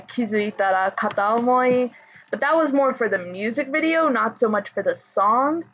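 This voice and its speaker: A woman chatting casually as a pop music fan, rambling with fillers and soft laughs. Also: fairly high pitch. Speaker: idol fan commentator. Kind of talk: casual chat. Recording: dull lo-fi audio.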